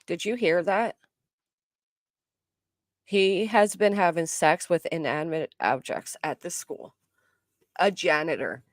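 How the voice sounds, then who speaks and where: A woman doing live-stream commentary, reacting with outrage and loud exclamations, then dropping to muttering. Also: fairly low pitch, very animated, takes it slowly, long pauses, no room sound, studio quality. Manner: outraged, exclaiming, swings between shouting and muttering.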